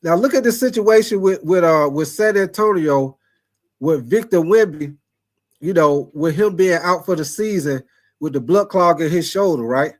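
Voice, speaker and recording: Guy w a pretty high voice running a sports livestream, reading chat, hyped and rambling. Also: moderate pace. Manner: animated, repetitive, laughs often, calls chatters by name. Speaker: sports talk livestream host. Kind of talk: casual live chat reading super chats.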